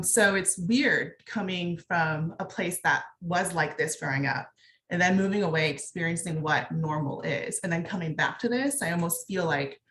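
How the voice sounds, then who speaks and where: A woman's voice: on the low side, a bit bright, roomy sound, slight background noise. A young woman from Texas, a veterinarian speaking candidly on a panel, with lots of fillers. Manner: candid, conversational, many fillers. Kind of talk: panel discussion, personal account.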